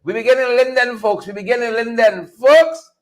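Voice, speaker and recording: Man, middle-aged, high-voiced stream host, repetitive and playful. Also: steady tone, moderate pace. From Guyana. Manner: repetitive, playful catchphrases and chants. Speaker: livestream host. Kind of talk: energetic livestream hype talk.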